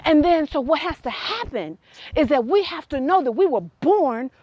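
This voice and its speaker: A woman telling a personal story that turns into a faith lesson, animated and quick to laugh. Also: sits high, no echo.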